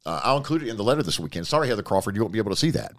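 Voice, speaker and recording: Man, podcast host, low voice, lively pitch, rambling folksy chat. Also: racing. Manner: rambling, folksy, repeats himself.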